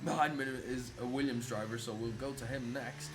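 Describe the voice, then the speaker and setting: Excitable young man calling a sim race. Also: medium pitch, brisk, hardly any pauses. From Italy. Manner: excitable, swears freely, reacts to chat. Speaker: race commentator. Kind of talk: live sim racing commentary. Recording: noisy stream audio.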